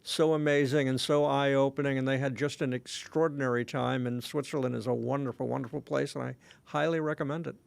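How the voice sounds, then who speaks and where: A man's voice: mid-range voice, steady tone, fairly quick, vocal fry, few pauses, no room sound. A man co-hosting a casual podcast chat, rambling along with lots of fillers and restarts. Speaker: podcast co-host.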